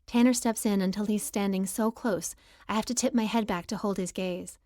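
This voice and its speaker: A woman reading a first-person romance novel aloud as audiobook narrator, in a lively, expressive style. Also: medium pitch, fairly quick, no echo, clean studio sound.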